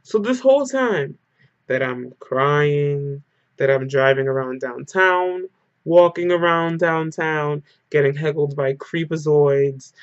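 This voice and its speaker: A man with a fairly high voice recounts an emotional story in a casual vlog, scattering "like" through every sentence. The recording is dull and lo-fi, dry and close with no room echo. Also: slow. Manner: emotional storyteller, heavy use of "like". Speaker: vlogger.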